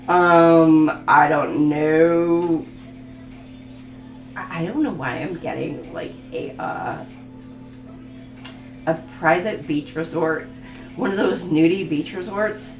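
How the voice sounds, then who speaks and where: A woman's voice: deep voice, slow pace, long pauses, reverberant, faint music behind, poor audio. A woman giving a casual live tarot reading from home, chatty and rambling with lots of fillers and laughter. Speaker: tarot reader. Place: home room.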